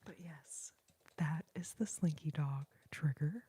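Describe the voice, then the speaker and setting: A woman, whispering softly and chatting unhurriedly as an ASMR host on a live stream. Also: sits low, slow, breathy edge. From Texas.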